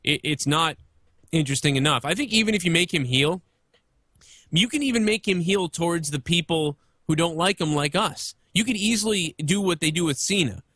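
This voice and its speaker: Casual male podcast guest, thirties, slightly high voice, dead-dry sound, rambling and profane. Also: moderate pace, pushed and bright, no echo. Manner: opinionated, rambling, swears freely. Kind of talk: casual wrestling talk.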